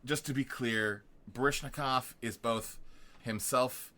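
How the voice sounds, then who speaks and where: Man, podcast co-host, bright tense tone, chatty plot recap. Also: medium pitch, steady tone, slow. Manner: retells the plot at length, loose and chatty. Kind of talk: casual film-review chat.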